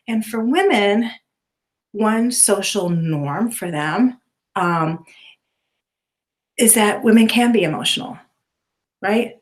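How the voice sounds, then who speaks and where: Woman, middle-aged, teacher, recorded lecture, conversational, tag questions, fillers, mid pitch. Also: lively intonation, slow, pauses often.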